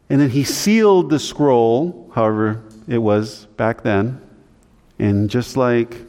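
A man preaching a teaching sermon in a low voice, chatty and explanatory, his pitch rising sharply whenever he drives a point home. The room rings with a long hall echo behind him. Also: a little mellow. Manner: conversational teaching, voice climbing in pitch when emphatic. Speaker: pastor.

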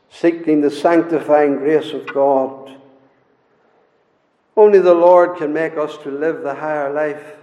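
A man preaching a sermon, earnest and repetitive, rising into pleading and dropping low for hymn lines. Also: fairly even intonation, slow, long pauses. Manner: earnest, repeats phrases, swings from loud pleading to low near-sung hymn lines. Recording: echoey hall reverb.

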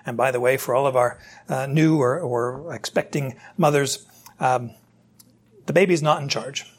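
A man's voice: mid-range voice, normal speed, husky. A man, a pastor preaching a verse-by-verse Bible teaching sermon and talking directly to his congregation. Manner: conversational, explanatory, addresses the congregation directly.

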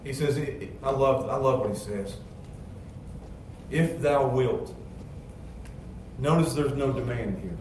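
A man preaching a sermon, moving between quiet, low storytelling and loud, emphatic passages. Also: moderate pace, few pauses, slight background noise. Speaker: pastor. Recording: echoey church sound from a distance.

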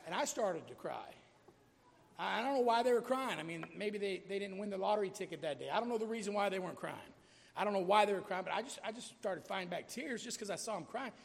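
High-voiced preacher man, gravelly, in a hall. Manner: conversational, rising to emphatic peaks. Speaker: pastor. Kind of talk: sermon.

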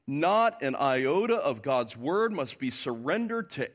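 A man's voice: fairly high pitch, very animated, unhurried, hardly any pauses. A man preaching a sermon to his congregation as pastor, emphatic, often asking the listeners rhetorical questions. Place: church.

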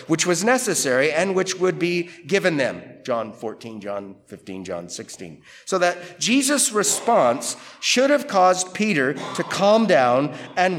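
Animated man preaching a sermon. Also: sits high. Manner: conversational, animated quoting of Peter and Jesus. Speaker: pastor. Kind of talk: expository sermon.

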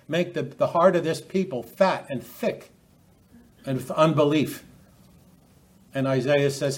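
A man preaching a sermon, often restarting and repeating words as he quotes scripture. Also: on the high side.

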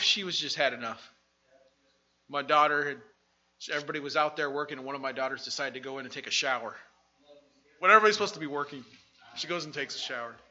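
A man preaching as a pastor, animated, moving from soft asides to loud outbursts, in a dull lo-fi church recording. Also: a little high. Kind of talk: sermon.

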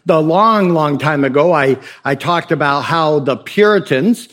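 Male pastor with a slightly high voice, preaching casually with questions and jokes. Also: measured pace, fairly bright tone. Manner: conversational preaching with rhetorical questions and humor. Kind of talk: sermon.

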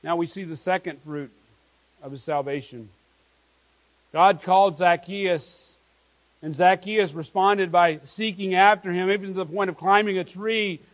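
A man's voice: sits high, steady tone, unhurried, low-quality recording. A pastor preaching an earnest sermon to his congregation, asking his listeners many questions.

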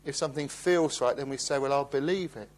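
A middle-aged male preacher gives an evening sermon in an earnest, pleading tone. His voice sits at an ordinary pitch, and he lingers over quoted verses. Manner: earnest, gently pleading, slows on scripture.

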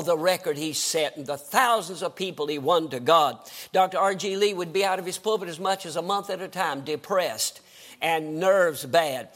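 An older man, preaching a sermon in a folksy, storytelling way with dramatic swings in pitch. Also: fairly bright tone. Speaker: guest preacher.

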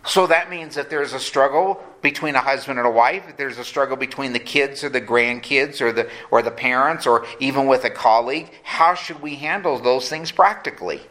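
Bright-voiced man preaching a sermon. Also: medium pitch. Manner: earnest preaching, slows down for emphasis, acts out quoted voices. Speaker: pastor.

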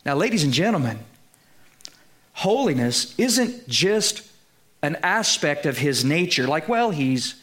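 A man's voice: a little high, big pitch swings, fairly bright tone. A man preaching a sermon, teaching with emphasis and putting rhetorical questions to his listeners. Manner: slows down to stress key phrases. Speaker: pastor.

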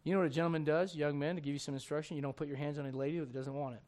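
A male pastor preaching a sermon, swinging between shouted intensity and hushed, gentle tones. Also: fairly high pitch, steady tone, rapid-fire.

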